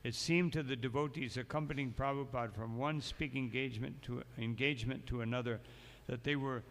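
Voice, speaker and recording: A monk delivers a morning sermon in a temple hall, his mid-range male voice steady, brisk and slightly bright. He tells stories, reading passages aloud and then breaking in with his own asides, all captured in a long, echoing hall.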